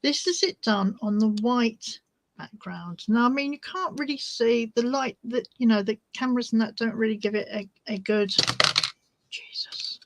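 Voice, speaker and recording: A woman's voice: on the high side, normal speed, slight background noise, low-quality recording. A woman hosting a crafting vlog, chatting casually and easily distracted while she shows her resin swatches. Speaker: crafting channel host.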